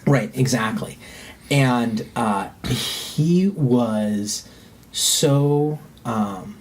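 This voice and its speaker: Earnest, halting man telling a story. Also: medium pitch, slightly rough. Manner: earnest, halting, swears when heated. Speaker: podcast guest. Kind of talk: candid personal storytelling.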